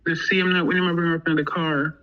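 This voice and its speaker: A woman's voice: lowish voice, quick pace, lo-fi sound. An American woman casually recounting her own story as a guest, acting out what others said along the way. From United States. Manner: animated, acts out what others said.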